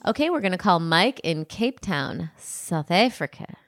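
A woman's voice: fairly low pitch, sing-song, normal speed, over music. A woman co-hosting a podcast, chatting in a laughing, affectionate way. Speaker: podcast co-host. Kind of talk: casual banter.

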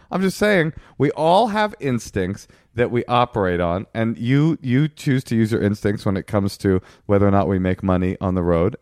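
A man's voice: medium pitch, no room sound, clean studio sound. A man co-hosting a podcast, chatting casually and arguing playfully with his wife, sometimes mimicking her. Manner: argumentative, animated, mocking impressions of his wife. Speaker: podcast co-host. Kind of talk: casual chat.

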